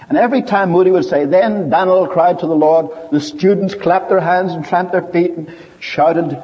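A man preaching a sermon, telling a story with lively swings in his voice. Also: medium pitch, slightly rough. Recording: dull lo-fi recording with long hall reverb.

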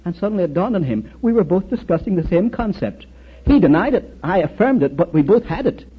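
A man giving a storytelling sermon talk, recounting anecdotes and quoted exchanges in an animated way. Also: high voice, a little fast, breathy edge, dull audio. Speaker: speaker addressing an audience.

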